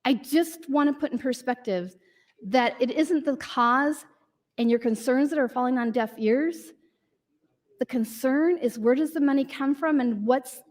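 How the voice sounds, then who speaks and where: A woman's voice: fairly high pitch, darkish tone. A woman state senator making an earnest, insistent speech in legislative floor debate. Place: legislative chamber.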